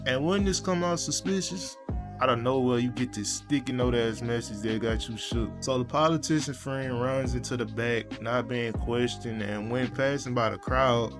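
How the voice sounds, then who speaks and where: A man's voice: mid-range voice, fairly even intonation, moderate pace, hardly any pauses, music in the background. Sarcastic, profane young male reviewer. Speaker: movie reviewer. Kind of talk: casual video commentary.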